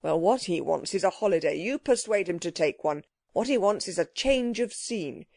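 A woman voicing a stout, prosperous man visitor who talks loudly and briskly. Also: expressive, gravelly, no echo, clean studio sound. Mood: bluff. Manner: bluff, brisk, booming.

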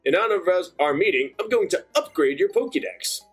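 A man's voice: sits high, animated, a little fast, fairly bright tone, husky, faint music behind, heavily acted. Cedric Juniper, a man doing him in a fake British accent. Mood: effusive. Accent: British, put on. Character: cheerful older male professor, chatty and proud. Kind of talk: reading game dialogue aloud.

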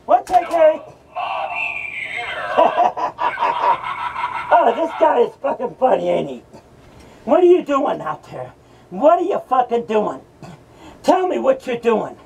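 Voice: mid-range voice, sing-song, slow, gravelly, pauses often, darkish tone, far from the mic, a little hiss or hum, heavily acted, rough recording. A performer voicing a mocking male madman from hell who hosts a horror rant, taunting and cursing at the listeners. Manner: ranting, taunting, cackling, profane.

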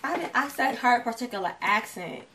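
Bright-voiced New York woman, arguing. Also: a little high, expressive, slight background noise. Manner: emphatic, insistent, quick to argue. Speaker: podcast co-host. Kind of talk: casual argumentative chat.

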